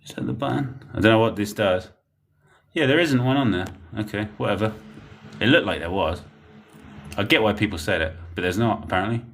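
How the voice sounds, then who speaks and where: A man's voice: on the low side, fairly quick, gravelly. A young man, chatting bluntly and rambling while reading comments on a livestream. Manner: blunt, rambling, laughs often.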